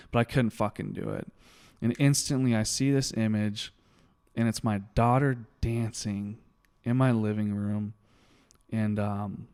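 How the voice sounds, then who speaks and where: A young man with a smooth, resonant voice at a middling pitch tells a raw personal story as an interview guest. He talks haltingly, restarting lines and searching for words. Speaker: guest, former hotshot firefighter.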